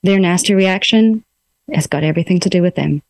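A woman coaching listeners through emotions in a gentle, coaxing self-help talk, speaking her self-talk aloud from a room in her home. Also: lowish voice, a little fast, creaky, no echo.

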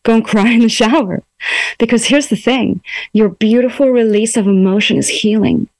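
In a gentle self-help talk, a woman guides listeners through their feelings, saying her own self-talk out loud from a room at home. Her voice is fairly high, at a normal speed, with no room sound.

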